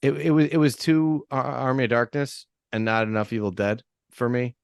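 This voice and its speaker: A man's voice: medium pitch, level tone, normal speed, gravelly, clear, resonant tone, no echo, studio quality. A man co-hosting a podcast, chatting casually about horror movies and restarting his sentences often. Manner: rambling, many restarts and fillers. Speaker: podcast co-host.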